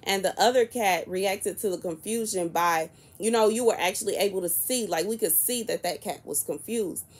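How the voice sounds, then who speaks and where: A woman in her early thirties, talking casually to camera in a soft-spoken, chatty and rambling way. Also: medium pitch, moderate pace, hardly any pauses, husky. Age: 30s. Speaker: prophetic content creator.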